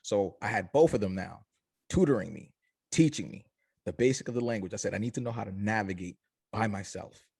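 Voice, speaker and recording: A young adult man, a company founder, telling his story in an interview, animated and acting out family voices. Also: on the low side, brisk, creaky, slightly rough, no room sound, clean studio sound.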